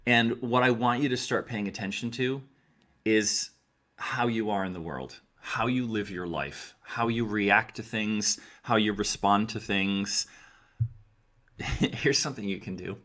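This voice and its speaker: In a low-leaning, unhurried voice that is bright and forceful, a middle-aged man addresses the camera with advice. He coaches his listeners earnestly and directly, repeating key phrases to stress them.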